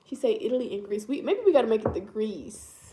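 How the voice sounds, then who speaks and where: Young woman, high-ish voice, playful teasing, casual travel chat, echoey room. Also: fast, dark tone, slight background noise. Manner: playful, teasing, laughs often. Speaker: travel vlogger.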